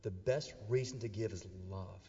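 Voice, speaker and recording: A middle-aged male pastor preaching a sermon to a live church crowd, joking with them and swinging between loud bursts and hushed, earnest stretches. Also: fairly low pitch, moderate pace, in a large hall, dull audio, a little hiss or hum. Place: church auditorium with a live audience.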